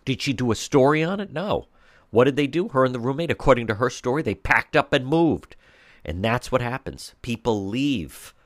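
A man's voice: mid-range voice, expressive, brisk, no echo, studio quality. A man hosting a talk radio show, delivering an indignant monologue full of rhetorical questions and mocking impressions.

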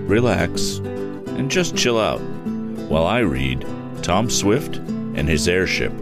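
A man reading a classic novel aloud as host of a story show, calm with occasional stumbles. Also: low-pitched.

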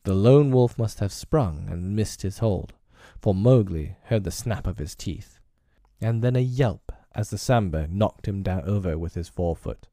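A man narrating a classic story in a measured, expressive reading. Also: deep voice, no room sound, clean studio sound.

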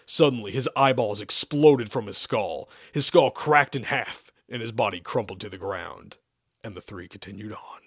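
A man hosting a show and reading an old, absurd amateur story aloud in a deadpan, measured way. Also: fairly low pitch, slightly rough, no echo. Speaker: host and story reader. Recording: dry close sound.

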